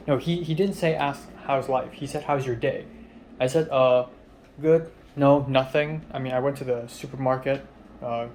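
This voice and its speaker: A young man telling a personal story in a casual, rambling way, with lots of fillers, often trailing off quietly in a flat, low-key voice. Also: slight background noise.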